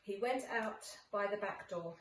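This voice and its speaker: Teacher reading aloud, distant and echoey. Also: female voice, mid-range voice, a little slow, a bit bright, a little hiss or hum. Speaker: primary school teacher. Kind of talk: storybook read-aloud for children. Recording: echoey room, away from the mic.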